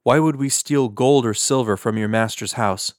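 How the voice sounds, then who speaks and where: A man's voice: mid-range voice, normal speed, no room sound, natural voice. Frightened brothers protest their innocence together, read by one man. The delivery is earnest and urgent. The sound is dry and close.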